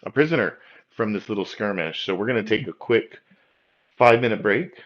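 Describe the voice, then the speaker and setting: Low-voiced man running a tabletop game. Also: brisk, lo-fi sound. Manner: relaxed, filler-heavy descriptions. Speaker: game master.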